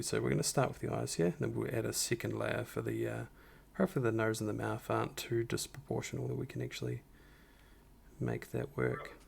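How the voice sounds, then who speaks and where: Man, stream host, gravelly, husky, morning voice, casual step-by-step tutorial. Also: on the low side. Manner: talks the viewers through each step, upbeat and encouraging. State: rough morning voice.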